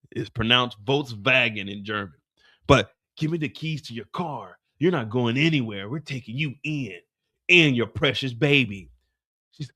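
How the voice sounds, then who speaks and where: A man's voice: medium pitch, moderate pace, pushed and bright, no room sound, clean studio sound. A man hosting a live show recap, telling the story with lots of energy and breaking into voices and sound effects.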